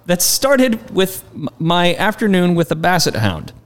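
A man's voice: high-pitched, measured pace. A man co-hosting a podcast in casual chat, telling jokey stories in a small side room. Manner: jokey, animated storyteller. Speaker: podcast co-host.

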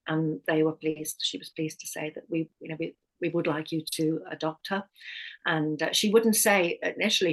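On poor audio, a middle-aged hypnotherapist and life coach speaks in a lowish voice. As a podcast guest, she tells a personal story candidly, frequently starting her sentences over and correcting herself.

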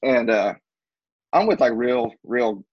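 A young man with a husky, slightly breathy voice tells an animated story among friends, slipping into other people's voices for the quotes. The sound is dry and a bit dull. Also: mid-range voice, slow pace, no room sound. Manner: animated storyteller, acts out quotes, swears freely. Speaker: guest telling a story.

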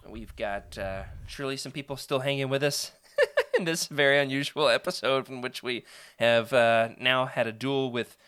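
A man's voice: mid-range voice, normal speed, fairly bright tone, smooth. A man hosting a live stream, chatting upbeat with viewers and reading a storybook aloud with frequent laughs. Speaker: host.

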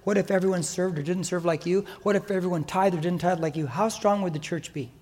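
Older man, American accent, pastor, sermon, husky voice, emphatic exhortation, church. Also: sits high, quick pace, a little mellow. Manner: emphatic, exhorting, mimics listeners' excuses.

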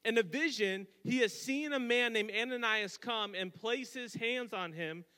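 A man's voice: very high voice, a little slow, pushed and bright. A man preaching a sermon, retelling a scripture story with casual asides and dramatic emphasis. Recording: long hall reverb.

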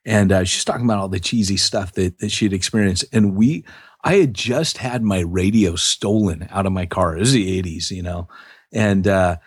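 A man's voice: low-pitched, normal speed, slightly rough, no room sound, clean studio sound. A middle-aged man, a podcast co-host, telling a long personal story in a casual, rambling way with lots of restarts.

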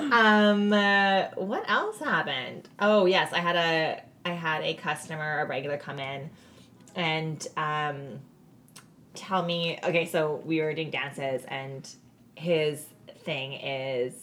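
A Canadian woman co-hosts a casual podcast, speaking slowly in a low voice as she tells stories. She acts out what people said and laughs often, making her an animated storyteller. There's slight background noise.

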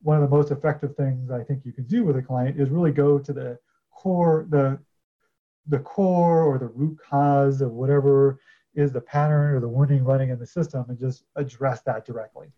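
A man, a coach guesting on a podcast, explaining his ideas in a measured way with some fillers. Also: mid-range voice, steady tone, muffled recording. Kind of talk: casual podcast interview.

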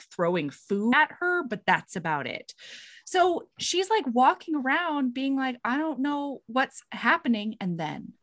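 A woman's voice: medium pitch, no echo. A woman co-hosting a casual, jokey book recap, acting out scenes as she goes. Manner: animated, jokey, acts out scenes.

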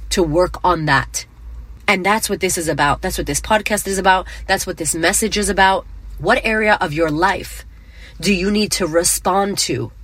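A woman's voice: fairly low pitch, fairly bright tone, breathy edge, dry recording. A middle-aged woman hosting a motivational podcast, talking bluntly and emphatically, with frequent swearing. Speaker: podcast host.

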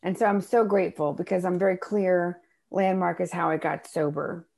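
A middle-aged woman telling a personal story in a casual chat, animated and acting out the voices of people she quotes. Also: on the low side, normal speed, creaky. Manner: animated, acts out voices in her stories. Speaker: guest.

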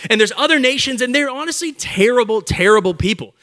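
Before a live audience at a church service, a male preacher gives a lively, conversational sermon in an extremely high, bright voice at a quick pace. He's energetic and joking, speaking directly to the people in front of him.

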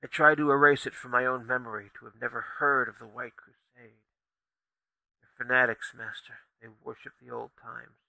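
A man voicing a frightened furry male tribesman who speaks softly and fearfully of his zealot past, in a storybook reading. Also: mid-range voice, fairly even intonation, moderate pace, creaky, no echo, rough recording. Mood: hushed fearful. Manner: hushed, trembling, fearful.

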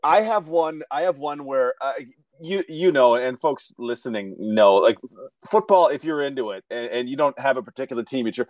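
Loud, excitable male play-by-play caller with a mid-pitched voice on a dry mic. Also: normal speed, no room sound. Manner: loud and excitable, rambling restarts. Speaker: play-by-play football broadcaster. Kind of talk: casual sports chat.

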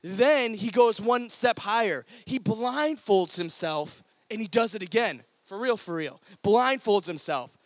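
Young guy youth pastor, high voice, animated storytelling sermon, super dry sound. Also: measured pace, hardly any pauses, no echo. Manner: energetic storytelling, acts out quoted voices.

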